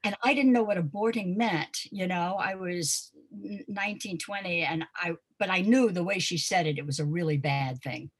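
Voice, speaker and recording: An older woman from Pensacola, Florida, a dance teacher, speaks in a lowish, breathy-edged voice at normal speed with few pauses. She is a guest in a conversational interview, reminiscing about her past. Her stories come with frequent ums and uhs.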